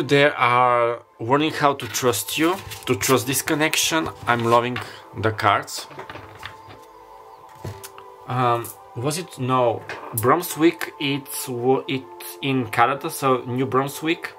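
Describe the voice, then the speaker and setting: A man's voice: medium pitch, slow, bright, forceful tone, faint music behind. Hesitant tarot reader, man. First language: not English. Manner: rambling, hesitant, searches for words aloud. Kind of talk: casual tarot reading monologue.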